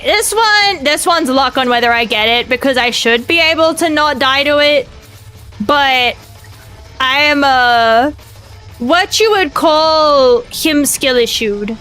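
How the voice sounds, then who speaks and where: A woman's voice: sits high, pushed and bright. A young woman streaming a game, talking herself through it in a frantic, swearing way. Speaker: VTuber streamer. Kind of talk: live gameplay commentary.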